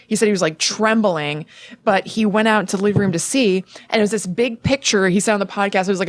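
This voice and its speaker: A woman's voice: mid-range voice, no echo. Chatty young woman retelling a ghost story. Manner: chatty, filler-heavy retelling with frequent "like". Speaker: podcast co-host. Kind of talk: casual storytelling chat.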